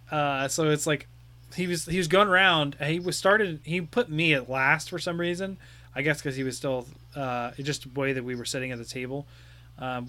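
A man's voice: mid-range voice, pushed and bright. A young man co-hosting a podcast, chatting loosely with many fillers and laughs. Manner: rambling, laughing, full of fillers. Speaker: podcast co-host. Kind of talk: casual chat.

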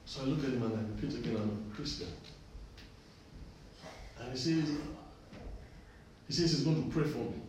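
A man's voice: medium pitch, normal speed, pauses often, darkish tone, a little hiss or hum. A man preaching a sermon, telling a personal story and repeating phrases for emphasis. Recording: echoey distant room recording.

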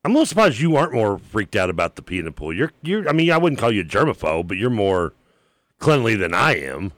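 A man's voice: fairly low pitch, sing-song, fast, a bit bright, no echo. Rambling, laughing male radio host. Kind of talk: casual banter. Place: radio studio.

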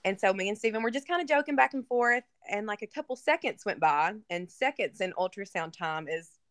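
Animated and fairly quick, a woman with a mid-range, fairly bright voice tells an emotional personal story as a guest in conversation, recorded dry. She lives in Kentucky and speaks casually and earnestly, with many fillers.

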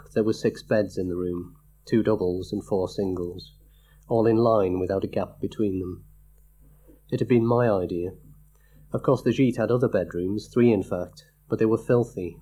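A man reading a first-person horror story aloud, dramatic and tense, raising his voice high when quoting panicked characters. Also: dark tone, a little hiss or hum. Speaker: narrator. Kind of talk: first-person audiobook narration.

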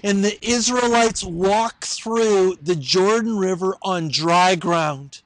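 A man's voice: high voice, takes it slowly, no echo, poor audio. A male pastor preaching a sermon in a conversational, storytelling manner with filler words.

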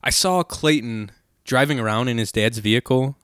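Studio-quality and smooth, with no room sound, this twenty-something male podcast host has a medium-pitched, slightly bright voice and a moderate pace. He tells meandering, foul-mouthed stories in a relaxed, conversational way.

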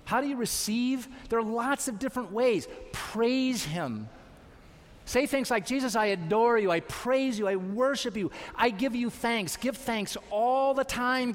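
A man's voice: high voice, big-room sound. A man preaching a sermon as pastor, exhorting his congregation with repeated calls to trust and obey. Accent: American. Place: church sanctuary.

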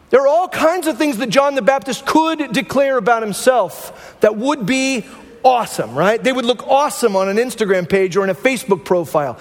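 A man's voice: very high-pitched, long reverb tail. A man pastor preaching a conversational sermon to his church, often asking "right?" to the congregation. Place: church sanctuary.

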